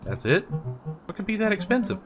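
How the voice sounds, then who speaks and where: A woman voicing a weary, down-on-his-luck man in a game, speaking in a low, dry, deadpan way. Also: a little fast, over music. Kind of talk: voice-acting a game.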